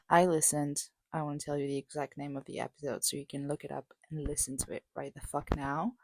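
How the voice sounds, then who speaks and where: A woman's voice: fairly low pitch, a little mellow, dry recording. A young woman vlogging on a walk, talking candidly and rambling with lots of fillers and swearing. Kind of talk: casual vlog monologue. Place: outdoors on a walk.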